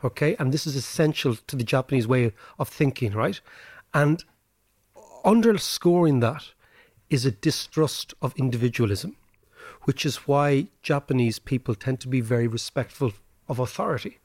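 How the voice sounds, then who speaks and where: An Irish man hosting a podcast, explaining history and economics in animated casual chat, often tagging his points with "right?". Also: medium pitch, normal speed, dry recording, clean studio sound. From Ireland. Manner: animated lecturing, rhetorical "right?" tags. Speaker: podcast host.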